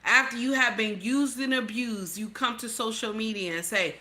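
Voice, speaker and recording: A woman's voice: fairly high pitch, normal speed, pushed and bright, slight background noise. A middle-aged woman hosting a reaction video, blunt and heated, lecturing her viewers with heavy cursing. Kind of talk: profane reaction commentary.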